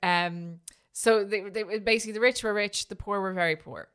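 A woman with a smooth, clear voice tells a history story on a casual podcast, pitched in the middle of the female range. She talks chattily, restarts her sentences and keeps checking in with "right?". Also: fairly even intonation, moderate pace, fairly bright tone. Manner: chatty, restarts often, tag questions.

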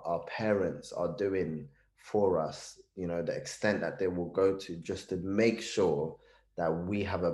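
A man's voice: low-pitched, a little mellow, echoey room. A man, a poet talking thoughtfully in an interview, restarting phrases as he works out his ideas. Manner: thoughtful, restarts phrases, uses British slang. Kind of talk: reflective conversational interview.

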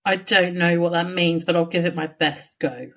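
A woman's voice: lowish voice, fairly even intonation, normal speed, rough recording. A woman co-hosting a podcast in casual chat, teasing and sarcastic, with casual swearing. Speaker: podcast co-host.

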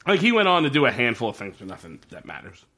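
A man co-hosting a casual podcast chat, sarcastic and quick to laugh, swearing freely. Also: mid-range voice, huge pitch swings, sharp tone. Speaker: podcast co-host. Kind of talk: casual chat recapping a TV episode.

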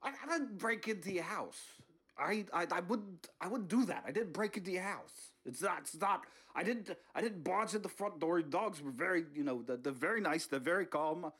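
A man does a full character voice, high-pitched and slightly rough with lively intonation at a moderate pace, impersonating a cranky older politician creeping into a house. It's a comedy sketch with pleading, hushed muttering and grumpy swearing under his breath.

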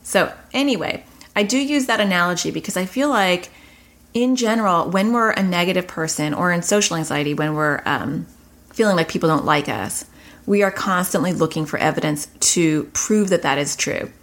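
A middle-aged woman giving casual advice on her own channel. She tells stories in a lively way, and her pitch leaps whenever she quotes her son or herself. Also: normal speed. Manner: animated storytelling, pitch leaps when quoting others. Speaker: parenting and anxiety educator on her own channel. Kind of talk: casual advice monologue to camera.

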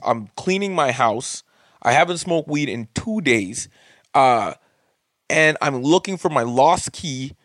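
A man in the middle of a fired-up comedy podcast rant, swearing freely and climbing in pitch whenever the outrage peaks. His voice sits at an ordinary middle height. The recording is close and dry, with no room sound around him. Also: a bit bright, dry recording. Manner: heated, profane storytelling with rising outbursts. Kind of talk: profane ranting monologue.

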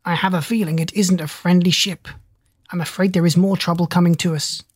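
A fussy, watchful storybook duck frets and warns of trouble, as the audiobook reader puts her on. The voice is husky and close, with a dry sound. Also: medium pitch, steady tone, brisk, no room sound, close to an everyday voice. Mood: fretful. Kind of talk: audiobook character voice.

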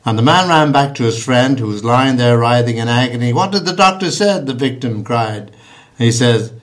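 This is a man talking as a guest on a radio programme. He hesitates often and fills pauses with uhs, but tells his jokes with a steady rhythm. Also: mid-range voice. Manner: hesitant with many fillers when talking, smooth when telling jokes. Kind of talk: casual radio chat, telling jokes.

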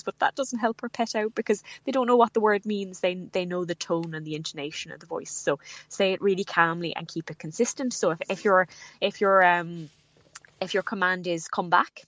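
Lo-fi, low-voiced woman giving pet advice. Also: no echo. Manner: practical, reassuring explanations. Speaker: pet care expert guest. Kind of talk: radio call-in advice.

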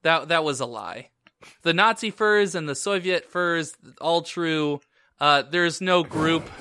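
A man co-hosting a podcast in casual comedic chat, quick and playful in his banter. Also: fairly high pitch, sharp tone, smooth, no room sound. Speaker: podcast co-host.

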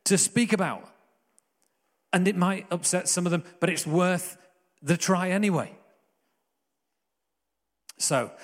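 A man's voice: on the high side, in a large hall. A man preaching a sermon, earnest and conversational, with jokey asides.

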